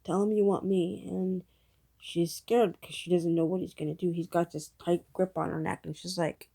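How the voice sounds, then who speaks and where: A woman's voice: lowish voice, little pitch movement, moderate pace, gravelly, warm tone. A woman giving a casual, rambling spoken movie review, retelling the plot with lots of fillers.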